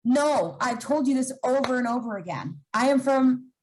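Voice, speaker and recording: A woman from Long Island co-hosting a casual chat show, talking in an animated, joking and defensive way. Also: sits high, normal speed, poor audio. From Long Island, New York. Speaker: podcast co-host.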